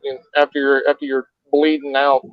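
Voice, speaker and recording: A man's voice: medium pitch, completely flat delivery, a little fast, dry recording, highs cut off. A man co-hosting a casual chat over an online call, telling stories with plenty of swearing. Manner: crude, swearing storyteller.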